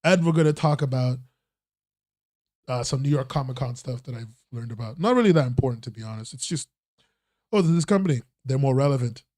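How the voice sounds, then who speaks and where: A man's voice: mid-range voice, lively intonation, a little fast, a little mellow, no echo, studio quality. A man hosting a casual livestreamed news roundup podcast, rambling and restarting, swearing casually. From not American. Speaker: podcast host.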